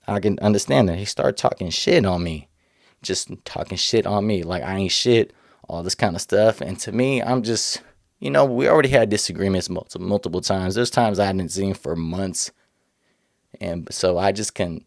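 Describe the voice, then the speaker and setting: Young man with a gravelly low voice, rambling. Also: no echo, clean studio sound. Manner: rambling, repeats himself, slangy. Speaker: vlogger telling his own story. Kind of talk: casual storytelling.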